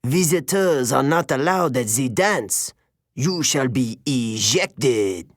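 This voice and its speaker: A man voicing a stern, hawkish tall male teacher with a French accent, speaking coldly and commanding, unhurried. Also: mid-range voice, animated, no echo, studio quality. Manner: cold and commanding.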